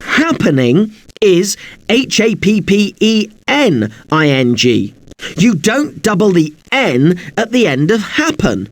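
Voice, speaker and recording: A man with a high, lively voice teaches an English spelling lesson. He talks slowly and spells words out letter by letter. The recording is dry and close. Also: no room sound.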